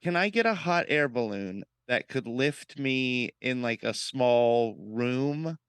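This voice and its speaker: A man's voice: medium pitch, animated, slow pace, a bit bright, smooth, no echo. A man co-hosting a podcast, chatting casually and tossing in wry jokes. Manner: wry, joking interjections. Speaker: podcast co-host.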